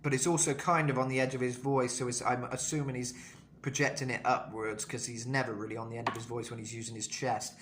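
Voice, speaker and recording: A man's voice: medium pitch, little pitch movement, fast talker, background noise. A man teaching a singing lesson, explaining technique in a thoughtful way with many fillers and restarts. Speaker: vocal coach.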